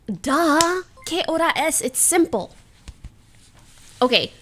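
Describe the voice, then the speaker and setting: A woman's voice: sits high, big pitch swings, unhurried, fairly bright tone, soft background music. A young woman livestreamer in casual, playful chat, giggling as she sounds out foreign phrases.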